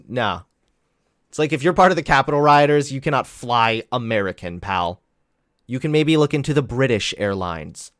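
A man's voice: mid-range voice, fairly bright tone, no echo, studio quality. A young man casually reacting to clips on a vlog, sarcastic and profane, laughing at his own jokes. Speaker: political commentary vlogger.

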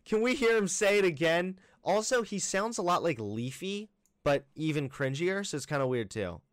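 A man commenting over clips on his own channel, sarcastic and mocking throughout. His voice sits a little higher than most men's and is recorded close and dry, with no room sound. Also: expressive, unhurried, fairly bright tone, no room sound. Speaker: YouTube commentator. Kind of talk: reaction video commentary.

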